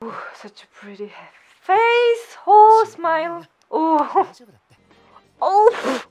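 A young woman gushing and squealing through an excited reaction vlog, full of giggles and fangirl exclamations. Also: very high-pitched, very slow, soft background music. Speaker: anime vlogger.

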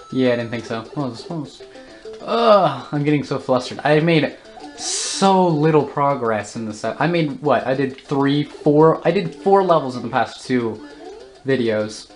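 A woman with a very deep voice talks casually over her gameplay, flustered and exclaiming whenever things go wrong. Soft music plays faintly behind her. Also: animated, unhurried. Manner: flustered, exclaims and groans at the game. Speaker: let's play host.

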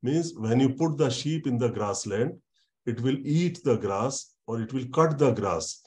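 Giving a university lecture online, a man speaks in an animated, mid-range voice. His explanations are slow, full of fillers and repeated words.

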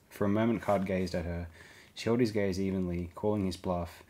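Deep-voiced man reading an audiobook. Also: steady tone, fairly quick, mellow. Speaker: audiobook reader. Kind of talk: scripted narration.

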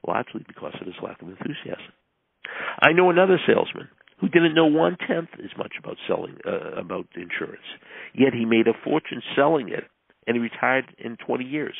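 A man with a husky, gravelly low voice reads a self-help text as a coach would, leaning hard into stressed words and letting others fall away. The sound is thin and tinny like a phone line. The room is dry, with no echo. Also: expressive, fairly quick. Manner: emphatic, swinging between loud stresses and quiet asides. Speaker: motivational coach. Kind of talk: reading a self-help book aloud.

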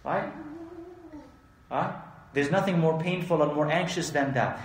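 Brief: male religious teacher, fairly high voice, reads Arabic fast then explains, heavy room echo. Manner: reads Arabic quickly then explains in English, asks rhetorical questions. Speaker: Islamic teacher. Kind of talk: religious lesson explaining hadith. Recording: very echoey room.

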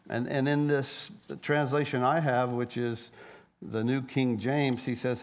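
A man preaching a sermon as a pastor, telling a story with lively energy and frequent stammered restarts. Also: medium pitch, unhurried.

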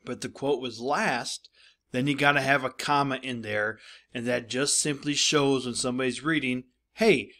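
A man's voice: medium pitch, moderate pace, bright, forceful tone. Man teaching a grammar lesson. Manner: explanatory, addresses students directly. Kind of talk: recorded classroom lesson.

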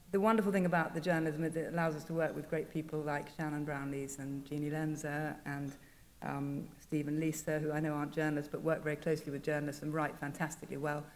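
A woman, a journal editor on a conference panel, telling anecdotes in a halting, self-deprecating way. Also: low-pitched, darkish tone. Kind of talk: panel talk. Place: conference hall. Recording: reverberant conference hall.

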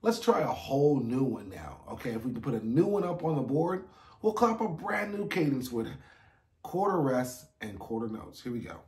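A man's voice: medium pitch, big pitch swings, normal speed, reverberant. A man teaching a beginner music theory lesson online, upbeat and encouraging as he counts beats aloud for his students to clap along.

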